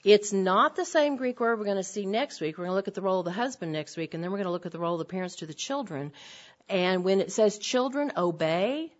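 A woman's voice: medium pitch, fast. A middle-aged woman giving an earnest, emphatic church lecture to women, repeating her key phrases. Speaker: women's Bible teacher. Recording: dull lo-fi lecture recording.

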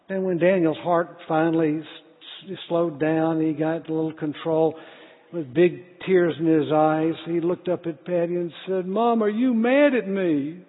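A middle-aged pastor gives an earnest sermon in a fairly high, husky voice, occasionally stumbling over a word as he tells a story. The audio is thin and phone-like, with a long reverb trailing behind.

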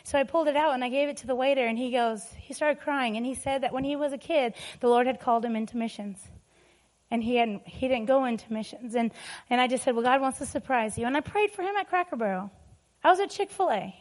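A woman's voice: sits high, quick pace. A middle-aged woman preaching a sermon, telling personal stories emphatically and laughing often.

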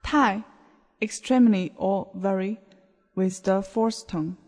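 A woman teaching a beginner language lesson on a podcast, explaining words in a slow, clear way. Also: mid-range voice, a little mellow. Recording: long hall reverb.

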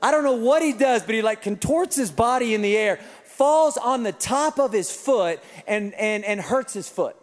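A pastor with a high-pitched, expressive voice preaches a sermon at a moderate pace, hardly pausing. He tells a family story with joking asides in a humorous way, and a large hall gives the recording long reverb.

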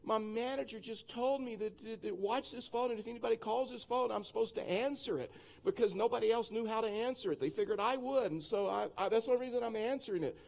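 A male preacher voicing a flustered, apologetic young female theater worker, pitched well above his own voice. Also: fast talker, creaky, a little mellow. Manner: defensive, apologetic rush of explanations.

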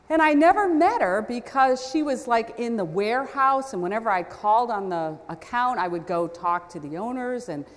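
A woman preaching a storytelling sermon, talking conversationally with self-deprecating asides. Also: medium pitch. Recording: long hall reverb.

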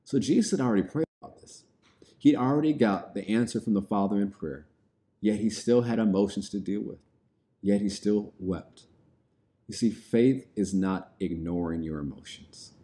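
Male preacher, deep mellow voice, reads verses then unpacks them plainly. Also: normal speed. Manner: reads scripture aloud then explains it plainly. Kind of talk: sermon.

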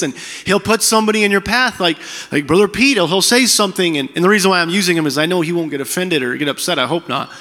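A man's voice: fairly high pitch, pushed and bright, big-room sound. A middle-aged man preaching a sermon as pastor, talking candidly and conversationally with frequent restarts.

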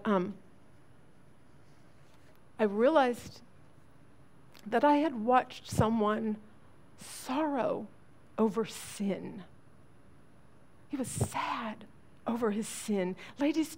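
A woman teaching other women in a sermon, telling a family story earnestly, with halting restarts. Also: fairly high pitch, a little mellow, breathy edge. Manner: earnest storytelling, acts out quoted voices.

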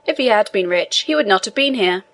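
A woman's voice: mid-range voice, lively intonation, brisk, a bit bright. A woman voicing a male prison inspector who speaks in a curt, impatient way. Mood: dismissive.

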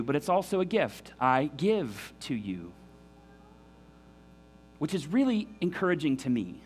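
A man preaching a sermon in an earnest, emphatic way, often restarting his sentences. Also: high-pitched. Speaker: pastor.

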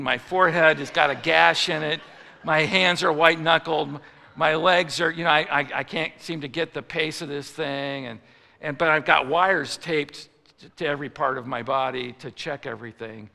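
Telling a funny story at a moderate pace, this Chicago preacher is animated and now and then breaks into mock outrage. His voice is gravelly, very bright, and slightly high. Each line carries a long hall reverb.

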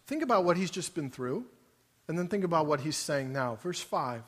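A man preaches with a high, bright-toned voice, pressing his listeners with emphatic rhetorical questions. His words ring out with a long reverb, as if spoken in a large church sanctuary. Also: very animated, moderate pace. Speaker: pastor. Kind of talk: sermon.

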